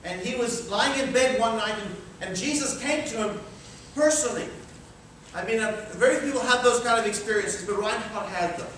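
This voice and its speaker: A man preaching a sermon, telling a story with lively dialogue and mentioning his Scottish roots. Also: high-pitched, moderate pace, slight background noise. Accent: Scottish-rooted. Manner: animated storyteller acting out dialogue. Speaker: pastor. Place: church hall. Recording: echoey church hall from far off.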